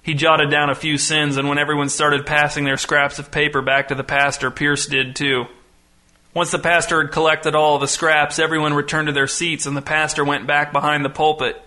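A man narrating an audiobook story in a dry, deadpan way. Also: fairly high pitch, moderate pace.

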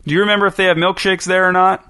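A man's voice: high voice, level tone, racing, sharp tone, smooth, pitched above the performer's own voice. A man doing a curt, grumpy TV host. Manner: curt, irritable, dismissive. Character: grumpy, impatient male TV host.

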